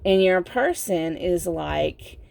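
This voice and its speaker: Slow, gravelly-voiced woman tarot reader. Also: lowish voice, expressive, a little mellow. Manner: slow, meandering, with many fillers and laughs. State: sleepy, yawning. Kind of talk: casual pick-a-card tarot reading.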